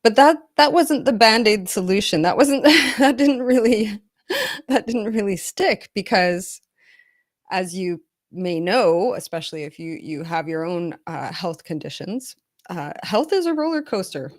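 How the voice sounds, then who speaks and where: A woman's voice: mid-range voice, lively intonation, unhurried, dry recording. A woman who works as an intimacy coach, talking candidly and earnestly in a personal vlog, with frequent restarts and close to tears at times.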